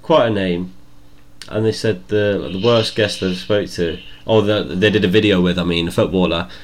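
Young man, podcast co-host, lowish voice, blunt, sweary banter, casual chat. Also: steady tone, normal speed.

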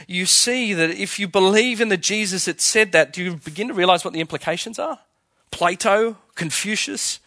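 A man's voice: high-pitched, bright, forceful tone, no room sound. A man preaching a sermon, emphatic and full of rhetorical questions. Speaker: pastor.

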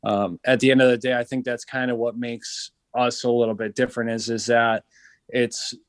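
A man's voice: medium pitch, moderate pace, no echo. A man telling stories in a casual podcast chat, acting out the people he quotes. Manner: animated storyteller, acts out quoted voices. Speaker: podcast guest, veteran entrepreneur.

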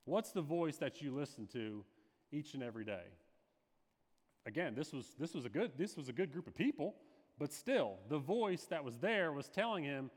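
Man preaching in a reverberant hall. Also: medium pitch. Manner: preaching with dramatic shifts into quoted voices. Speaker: pastor. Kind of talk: sermon.

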